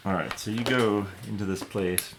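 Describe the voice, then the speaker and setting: A man narrating as game master in a tabletop game, relaxed and hesitant, with plenty of fillers. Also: fairly low pitch, normal speed, noisy background.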